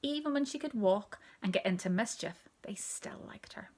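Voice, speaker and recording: Woman, storyteller, children's story read aloud, expressive, hushed whispered asides. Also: medium pitch, moderate pace, slight background noise.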